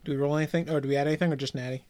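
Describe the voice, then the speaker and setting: A player at a tabletop game, asking quiet, casual questions about the rules. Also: medium pitch, steady tone, very fast.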